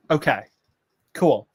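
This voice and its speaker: A man's voice: extremely slow, darkish tone, dry recording. A man co-hosting a casual show, rambling and ranting, full of fillers. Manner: ranting, exasperated. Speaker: podcast co-host. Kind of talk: casual chat.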